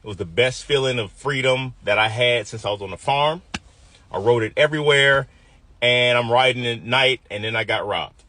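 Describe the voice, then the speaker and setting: A man's voice: medium pitch, normal speed, pushed and bright, slight background noise. A man in his fifties from the US Midwest, telling a personal story vividly and acting out the quoted voices.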